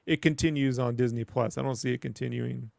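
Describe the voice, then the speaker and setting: A man's voice: medium pitch, steady tone, a little fast, vocal fry, darkish tone, no echo, studio quality. A man in casual podcast chat, loose and profane, calling his co-host dude. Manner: casual, swearing, addresses listener as dude.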